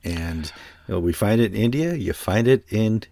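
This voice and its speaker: A man's voice: lowish voice, animated, normal speed, mellow. A man co-hosting a casual discussion, speaking in a wry, joking way. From United States. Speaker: co-host.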